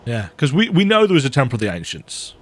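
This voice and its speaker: A man chats over his game in a loose, wry way, his voice moving up and down a lot as he reacts, and he often jokes about what he sees. His pitch sits in an ordinary middle range. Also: huge pitch swings, fast. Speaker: let's play youtuber. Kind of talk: casual commentary over gameplay.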